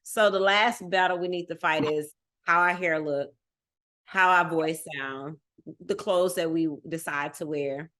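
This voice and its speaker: A woman's voice: low voice, unhurried, bright, forceful tone. A woman from Texas with a Texan accent, chatting casually and emphatically on a talk show, laughing often and repeating points for emphasis. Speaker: guest. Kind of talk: casual chat.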